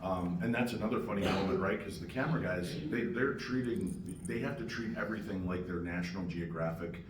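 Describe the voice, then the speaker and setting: An older man telling an animated story on a convention panel and acting out other people's lines, heard from far off in a noisy room. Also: sits low, brisk. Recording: echoey hall from far off, noisy.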